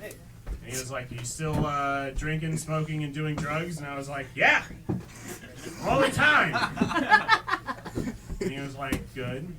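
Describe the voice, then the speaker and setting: A young man doing stand-up comedy, telling stories in a deadpan way and acting out both sides of each exchange. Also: a little high, normal speed, very noisy. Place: small theatre stage. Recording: distant mic with audience laughter.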